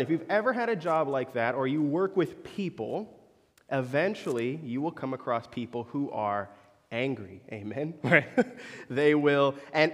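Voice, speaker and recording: A man's voice: on the high side, long reverb tail. A young man preaching a sermon as a conversational story, with joking asides to the congregation.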